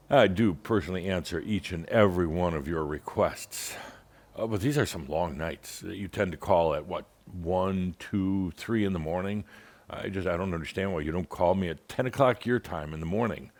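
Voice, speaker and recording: A man's voice: sits low, moderate pace. A man giving a channeled spiritual talk in a wry, playful way, rambling with fillers.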